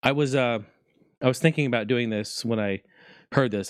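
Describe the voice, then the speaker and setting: A man ranting excitedly to his viewers about retro game consoles, swearing freely and talking straight to the audience. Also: mid-range voice, moderate pace, clean tone, no room sound, clean studio sound. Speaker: gaming video creator. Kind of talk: excited casual rant to camera.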